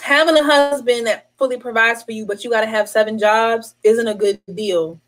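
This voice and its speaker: A woman's voice: fairly high pitch, moderate pace, poor audio. A young woman, talking to camera in a casual vlog and hammering her points home with repetition. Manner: animated, emphatic, repeats points to drive them home. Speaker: vlogger.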